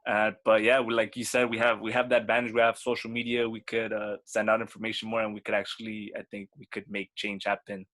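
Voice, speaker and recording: A man's voice: on the low side, monotone, fast talker, hardly any pauses, fairly bright tone. A man in his twenties co-hosting a podcast, laid-back and a little hesitant, often repeating words in casual chat. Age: 20s. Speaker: podcast co-host.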